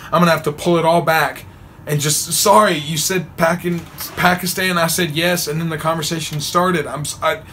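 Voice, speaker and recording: This young vlogger's voice sits on the high side, with slight background noise behind it. Laughing frequently, he animatedly recounts a funny true story and performs each quoted line.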